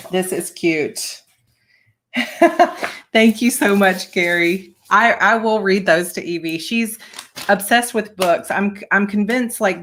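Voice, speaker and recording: A woman's voice: medium pitch, a bit bright. A woman author hosting a casual livestream chat, thanking viewers for gifts with gushing enthusiasm and laughing often.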